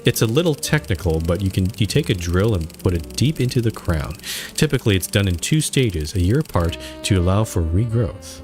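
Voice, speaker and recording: Man reading a brisk, polite woman administrator, low-voiced, game dialogue. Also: sing-song, a little mellow, faint music behind. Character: woman, senior dental office administrator, polite.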